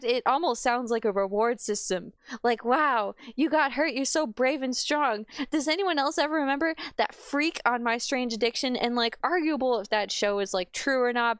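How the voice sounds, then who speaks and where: Exasperated ranting woman, clear dry voice. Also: a little high, dry recording. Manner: exasperated, swearing, sarcastic. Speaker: reaction video host. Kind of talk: ranting commentary.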